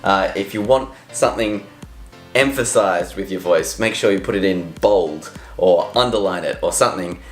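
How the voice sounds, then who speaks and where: A man's voice: low-pitched, normal speed. An upbeat, chatty man gives voiceover tips, standing at a microphone in a furnished room. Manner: chatty, upbeat, laughs at himself. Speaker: vlogger giving voiceover tips. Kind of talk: casual tips vlog. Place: room with couches and chairs. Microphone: studio microphone, standing. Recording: roomy echo, faint music.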